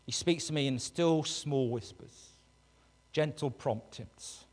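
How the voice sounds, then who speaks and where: Male pastor, high voice, animated sermon, loud then hushed, long hall reverb. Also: slow pace. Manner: animated preaching, swinging between loud and hushed. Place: church hall with a congregation.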